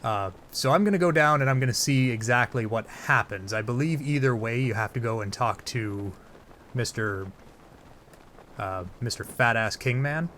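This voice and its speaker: A man's voice: mid-range voice, normal speed, a bit bright, slight background noise. Crude, joking let's play guy. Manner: crude, joking, rambling with fillers. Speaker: game let's play host. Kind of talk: casual gameplay commentary.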